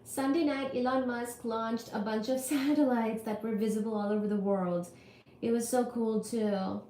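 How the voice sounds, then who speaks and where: Woman streamer, kinda high voice, slow chatty apologetic vibe, still a bit sick, echoey room. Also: steady tone, mellow, slight background noise. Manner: chatty and apologetic, reads viewer comments aloud. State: recovering from illness. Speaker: livestream host teaching physics. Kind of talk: casual livestream chat with viewers. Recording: echoey room with faint ambience.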